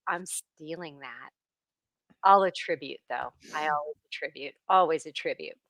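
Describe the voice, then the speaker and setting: A woman hosting a live-stream interview, excitable and gushing as she greets viewers and reads their comments. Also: deep voice, moderate pace, no room sound. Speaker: livestream interview host. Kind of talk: bubbly live-stream chat.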